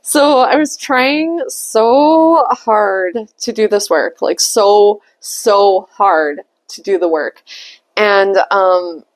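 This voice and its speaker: A woman who reads tarot and vlogs tells a personal story in a candid, chatty way, swearing freely and laughing often. Her voice is mid-range, and she draws out her words.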